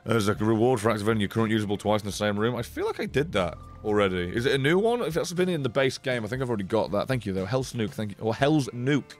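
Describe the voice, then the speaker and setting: Excitable, cursing game streamer, low voice. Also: male voice, rapid-fire, hardly any pauses. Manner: excitable, swears often, reacts loudly and reads chat. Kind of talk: casual live-stream commentary.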